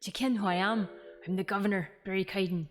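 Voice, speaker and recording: A woman's voice: mid-range voice, fairly even intonation, quick pace, faint music behind, natural voice. A woman putting on a scornful Scottish prison governor. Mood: gruff. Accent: attempted Scottish. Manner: dismissive, scornful. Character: gruff older male prison governor, hostile.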